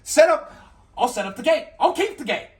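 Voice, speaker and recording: Excitable, shouty sketch director. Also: male voice, very high voice, a little fast, recorded from a distance. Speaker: documentary interviewer and director. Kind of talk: comedy sketch.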